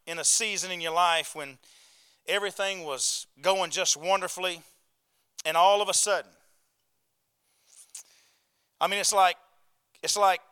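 A man's voice: high-pitched, bright, forceful tone, clear, resonant tone. A man preaching a sermon in a folksy way, often calling out "right?" and "amen?" to his congregation. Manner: folksy, calls for amens and asks "right?". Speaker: pastor.

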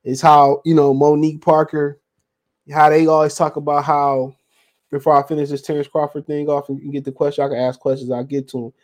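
Reading listener comments on his casual solo podcast, a man rambles with slangy, profane talk. His voice sits on the high side, level and darkish in tone, and he speaks fairly quickly.

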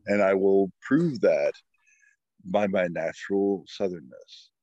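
A man in a drawling, mock-solemn folksy manner, on a muffled low-quality mic. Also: slow pace, a little mellow, no room sound.

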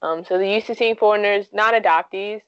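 Chatting as an interview guest, a woman in her twenties tells stories casually, filling her speech with frequent "like"s and "um"s. She talks fairly quickly in a smooth, medium-pitched voice. The audio is dull, with no echo.

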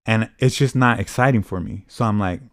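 A man's voice: fairly low pitch, brisk, no echo, studio quality. Laid-back, profane young man storyteller. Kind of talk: casual storytelling chat.

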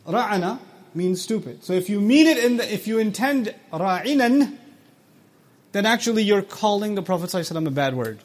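High-voiced man teaching scripture. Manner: lively, asks the audience questions, acts out quoted speech; recites Arabic quickly between English explanations. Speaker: Quran teacher. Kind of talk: lecture explaining scripture.

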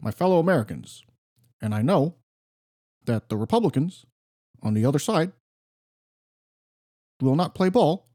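A man's voice: on the high side, very animated, measured pace, pauses often, mellow, no echo, clean studio sound. A man doing a presidential speechmaker impression. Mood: orating.

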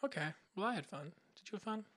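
A young man co-hosting a podcast chats casually and enthusiastically, rambling and acting out movie scenes. His voice sits high and fairly bright, animated and quick.

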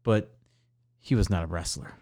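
A man's voice: deep voice, unhurried. Swearing man telling a store story. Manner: animated, mimics customers in raised voice, swears freely. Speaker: podcast co-host. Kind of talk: casual storytelling.

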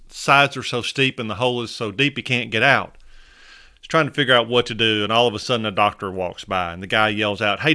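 A man's voice: fairly low pitch, bright, forceful tone. A man hosting a show and telling a short story in a folksy, conversational way. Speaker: host and storyteller. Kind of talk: storytelling narration.

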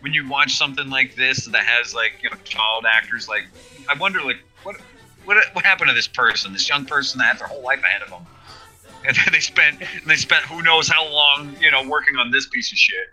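Man, casual co-host, mocking and chatty, with a clear, bright voice. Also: medium pitch, a little fast, faint music behind, poor audio. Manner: rambling, sarcastic, laughs often. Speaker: podcast co-host. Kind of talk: casual riffing commentary.

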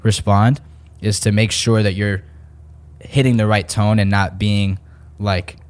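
A man's voice: fairly low pitch, fairly even intonation, measured pace. A man chatting casually on a podcast, affirming his co-host and often asking "you know what I mean.".

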